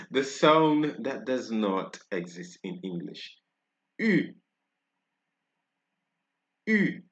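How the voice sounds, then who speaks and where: A man's voice: medium pitch, a bit bright, lo-fi sound. A man from Barbados with a Barbadian accent, giving a French pronunciation lesson and checking in with "right?" after each point. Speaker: French teacher.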